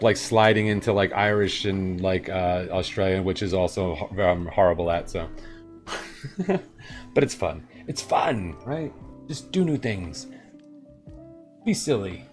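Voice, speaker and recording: Rambling live-coding man, lowish voice, faint music under him. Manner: rambling, thinks aloud, chuckles at himself. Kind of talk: casual coding chat.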